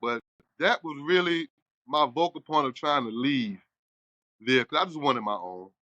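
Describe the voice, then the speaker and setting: Animated storytelling barber with a bright voice. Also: male voice, mid-range voice, measured pace, no room sound, highs cut off. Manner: animated storyteller, acts out quoted dialogue. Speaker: barbershop owner. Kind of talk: casual storytelling interview.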